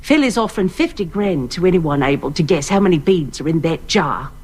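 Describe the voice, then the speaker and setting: A husky Australian-accented woman. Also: deep voice, animated, a little fast, darkish tone. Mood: earnest. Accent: put-on Australian. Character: earnest Australian woman recounting a strange tale. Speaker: actress in a TV drama clip. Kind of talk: TV drama acting.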